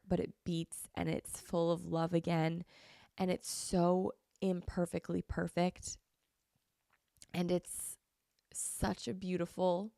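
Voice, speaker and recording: A woman's voice: fairly low pitch, creaky, mellow, no room sound, studio quality. A young woman hosting a podcast, chatting casually and gushing effusively, with a slight cold. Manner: gushing, effusive, repeats herself. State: has a cold, sniffly. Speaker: podcast host. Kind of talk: casual chat.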